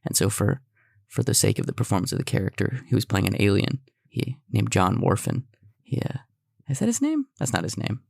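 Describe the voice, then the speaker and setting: A man's voice: lowish voice, wildly swooping pitch, creaky, a little mellow, no echo, clean studio sound. A man co-hosting a podcast in casual chat, joking around with film references. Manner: jokey, quick with film references. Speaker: podcast co-host.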